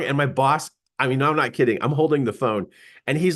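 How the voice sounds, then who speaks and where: A man giving a live seminar talk, telling a personal story in an animated way, laughing often and acting out quoted lines. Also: a little high, brisk.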